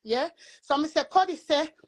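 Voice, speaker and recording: A woman's voice: high-pitched, moderate pace. A woman with a Jamaican patois accent, telling a long rambling story in a casual live chat. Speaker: storyteller guest.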